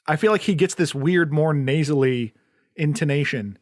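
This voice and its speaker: At a moderate pace, a slightly high-voiced man talks about a film as a podcast co-host. The basement studio sound is dry and close-miked, with no echo, and his talk is loose, full of fillers and restarts.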